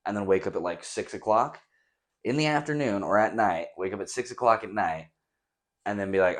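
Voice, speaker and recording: A man's voice: fairly low pitch, expressive, a little fast. A young man hosting a casual solo podcast, rambling and swearing freely in a near-empty, echoey bedroom, recorded on a camera set some distance away. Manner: profane, rambling, laid-back. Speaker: podcast host. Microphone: camera set on a stack of drawers some distance away.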